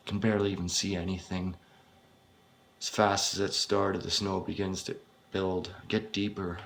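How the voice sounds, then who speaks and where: Slow, gravelly man telling a horror story. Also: low voice, a little hiss or hum. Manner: halting and unpolished, with frequent swearing. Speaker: amateur reader of his own horror story. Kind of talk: first-person horror story narration.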